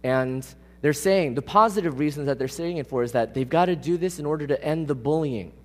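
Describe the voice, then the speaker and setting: In a fairly high voice and at a slightly fast pace, a man delivers a sermon conversationally, casual but emphatic, regularly questioning the congregation. His words echo with the long reverb of a large hall.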